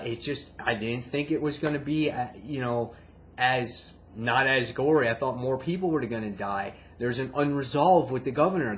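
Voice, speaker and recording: Excitable man with a lo-fi sound. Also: medium pitch. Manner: excitable, swears, acts out reactions. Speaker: comic book reviewer. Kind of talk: casual retelling and review. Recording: dull lo-fi, faint background hiss.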